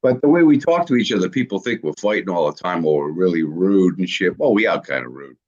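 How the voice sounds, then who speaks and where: A man's voice: sits low, fast. A man from the East Coast telling profane stories and laughing in a rowdy casual chat. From US East Coast, Boston area. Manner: profane, laughing, animated storytelling. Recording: dull lo-fi sound.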